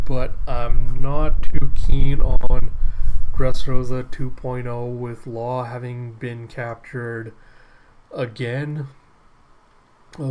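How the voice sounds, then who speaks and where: A man's voice: mid-range voice, a little mellow, slight background noise, rough recording. A man recapping and reviewing a manga chapter in a casual, rambling way with lots of fillers.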